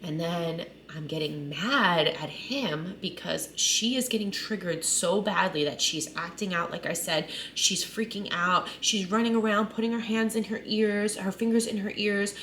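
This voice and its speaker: In her thirties, a mother shares her story in a candid, emotional vlog monologue to camera, peppering her talk with "like" and "right?". Her voice sits in the mid range with a fairly bright tone, and there's slight background noise.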